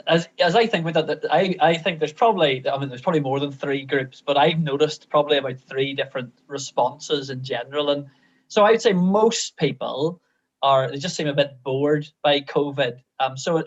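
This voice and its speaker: A pastor answers questions in a thoughtful, measured way, often restarting his sentences. His voice is slightly high for a man. The sound is dull and lo-fi. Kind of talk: casual interview answers.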